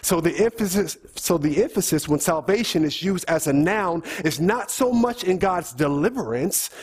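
A man's voice: high-pitched, expressive, normal speed, darkish tone, breathy edge. A middle-aged man preaching a teaching sermon in a church, asking the congregation questions as he goes. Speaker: pastor.

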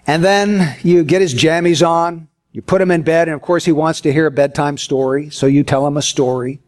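A pastor preaching a sermon to his congregation, earnest and folksy, telling a homespun story with gentle humor. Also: on the high side, fairly even intonation, moderate pace.

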